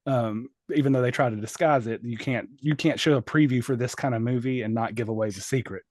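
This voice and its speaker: A man's voice: medium pitch, steady tone, brisk, a little mellow, no room sound, clean studio sound. Blunt rambling male podcast host. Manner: blunt, rambling, self-mocking. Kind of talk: casual film review chat.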